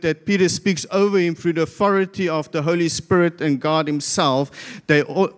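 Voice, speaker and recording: A man's voice: sits high, fairly bright tone. A South African man preaching a sermon as pastor, telling a Bible story and acting out the crowd's voices. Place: church hall. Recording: long church hall reverb.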